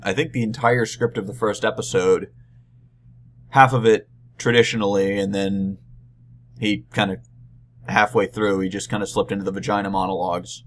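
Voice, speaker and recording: Young male vlogger, lowish voice, halting and rambling, dry wry humor, casual recap. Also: slight background noise. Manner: rambling, halting, many restarts and fillers.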